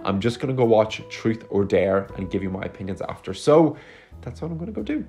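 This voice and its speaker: A man's voice: fairly low pitch, very animated, fairly quick, warm tone, faint music behind. A man giving a casual, rambling and sarcastic movie review into a phone mic at home. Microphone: phone microphone.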